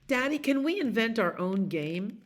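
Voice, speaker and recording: A woman's voice: fairly high pitch, moderate pace, pitched above the performer's own voice. A woman voicing an eager young boy asking his dad for treats during a bedtime story. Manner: pleading, excited questions.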